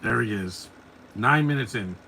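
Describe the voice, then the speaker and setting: A man's voice: on the low side, animated, unhurried, creaky, sharp tone, a little hiss or hum. A man in his forties hosting a live movie commentary podcast, blunt and opinionated, rambling from one complaint to the next. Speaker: podcast host.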